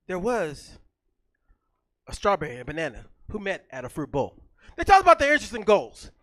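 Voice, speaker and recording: A man hosting a comedy show on a theater stage, loud and hyped, working the crowd with animated banter into a stage mic. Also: extremely high pitch, dry recording.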